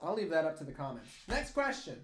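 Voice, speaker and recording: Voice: medium pitch, very animated, fast. A young adult artist chatting casually on a livestream, answering viewer questions with rambling, jokey asides. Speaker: artist streamer.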